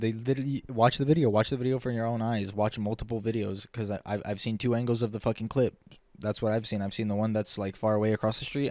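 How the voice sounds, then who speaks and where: A man's voice: fairly low pitch, a little mellow, dry recording. A man vlogging an angry, profane political rant, repeating himself as he gets heated.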